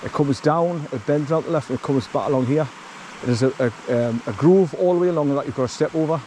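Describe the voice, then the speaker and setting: A man's voice: on the high side, a little fast, darkish tone, a little hiss or hum, rough recording. A tired man giving a blunt, swearing walking commentary outdoors on an overgrown rural path while calling to his dog. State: tired from wading through bracken. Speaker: vlogger.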